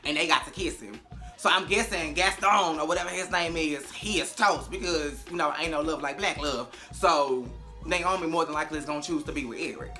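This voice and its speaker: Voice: mid-range voice, fairly quick, bright, forceful tone, soft background music. A vlogger doing a casual, sassy and profane recap of a TV episode, acting out the characters' lines.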